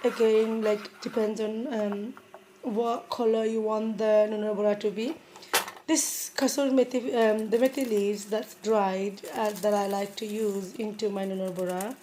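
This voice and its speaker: A woman hosting a casual home cooking tutorial with a croaky voice from a sore throat, chatty and repeating herself with many ums. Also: mid-range voice, steady tone, a little slow, dark tone, slight background noise. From Bangladesh.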